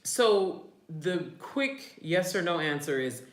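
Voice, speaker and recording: A woman's voice: lowish voice, big pitch swings, slow, reverberant. A woman hosting a casual live stream, chatting with viewers, reading their comments aloud and laughing often. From family from New Orleans. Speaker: livestream host.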